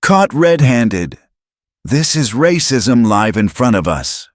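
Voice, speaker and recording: A man's voice: low voice, lively intonation, normal speed, darkish tone, no room sound, studio quality, voice pushed up. A man doing an eager young livestreamer woman. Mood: indignant. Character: excited young female livestreamer.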